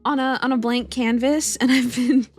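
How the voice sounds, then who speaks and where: High-voiced young woman chatting on stream. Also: steady tone, moderate pace, a little mellow, faint music behind. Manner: rambling and giggly, greeting chat by name. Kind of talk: casual live-stream chat.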